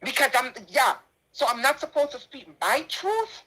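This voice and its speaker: A woman's voice: high voice, sing-song, moderate pace, sharp tone, husky, rough recording. A middle-aged Jamaican woman making an impassioned personal statement, indignant and emphatic, repeating her points. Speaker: charity donor responding to a dispute.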